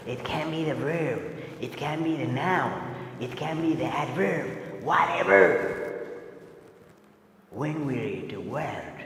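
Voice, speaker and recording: A man teaching a classroom lesson, speaking emphatically and drawing out example words slowly. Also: a little high, slight background noise. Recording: echoey room with long reverb.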